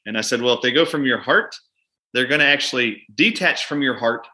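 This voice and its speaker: Bright-voiced man telling a vivid clinic story. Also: medium pitch, fairly quick. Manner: animated, acts out both sides of a patient exchange. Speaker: doctor and guest. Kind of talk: conversational storytelling.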